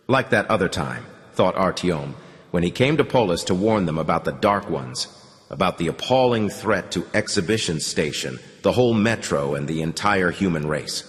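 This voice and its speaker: A man narrating a novel as an audiobook in a measured, steady storytelling voice. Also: sits low, in a large hall.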